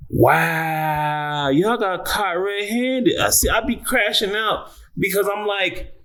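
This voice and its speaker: A man hosting an entertainment commentary vlog, talking casually in slang, swearing freely and breaking into sudden high-pitched exclamations and laughter. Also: unhurried, fairly bright tone. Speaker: entertainment news host.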